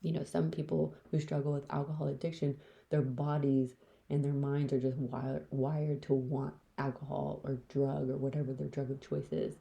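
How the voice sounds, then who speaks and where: A woman's voice: very deep voice, flat delivery, moderate pace, creaky, warm tone. A woman hosting a solo podcast, talking candidly and bluntly, swearing freely and dropping into whispers mid-rant. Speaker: podcast host.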